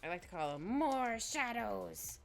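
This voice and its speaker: Chatty, giggly woman with a lively voice. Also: a little high, measured pace, creaky. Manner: rambling and giggly, full of little asides. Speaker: digital artist streaming her drawing. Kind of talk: casual live-stream chat while drawing. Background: soft background music.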